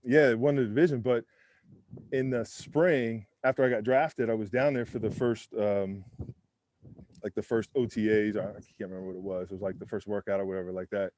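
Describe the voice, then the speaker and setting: Laid-back mellow-voiced man telling stories. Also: lowish voice, steady tone, fairly quick, slight background noise. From United States. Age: 40s. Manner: laid-back and candid, heavy on fillers like "man" and "you know"; acts out other people's lines while telling stories. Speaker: interview guest, former pro football lineman. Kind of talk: casual storytelling interview. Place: windy rooftop, outdoors.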